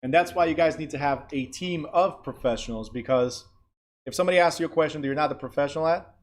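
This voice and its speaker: A man's voice: fairly high pitch, fast talker. A man hosting a live-stream class, talking casually with the students and checking in with them often. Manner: relaxed, conversational, many check-in tags. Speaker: class instructor and livestream host.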